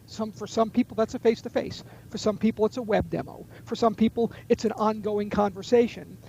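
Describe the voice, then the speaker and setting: This is a fairly quick, steady-toned man with a high, gravelly, darkish voice, heard on a muffled recording with slight background noise. As a guest sales trainer and author on a webinar, he explains call techniques like a confident coach. He acts out example phone calls along the way.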